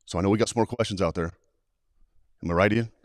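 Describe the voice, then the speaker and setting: Male suicide prevention trainer, low voice, lively storyteller who acts out the dialogue. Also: fast, no room sound. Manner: animated, acts out quoted dialogue. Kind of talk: live talk-show guest storytelling.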